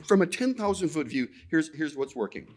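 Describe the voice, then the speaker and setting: Animated man telling a story at a conference. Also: a little high, a little fast. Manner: animated, repeats words, acts out quoted dialogue. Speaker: conference speaker. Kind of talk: storytelling presentation. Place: conference talk.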